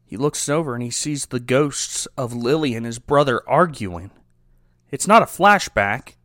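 A man cohosting a casual chat, retelling a plot with animated jokes and playful insistence. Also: mid-range voice, measured pace, no room sound, clean studio sound. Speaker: podcast co-host. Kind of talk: casual storytelling recap.

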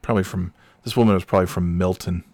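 A man's voice: sits low, fairly even intonation, fast talker, a little mellow, no room sound. A man telling a rambling, profane story as a podcast host, irritated and full of fillers. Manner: irritated, ranting. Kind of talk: rambling anecdotal monologue.

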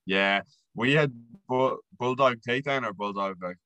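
A man's voice: mid-range voice, moderate pace, pushed and bright, no room sound, poor audio. A young man with an Irish accent, hosting a casual podcast chat, laughing as he tells stories and swearing freely. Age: young adult. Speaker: podcast host.

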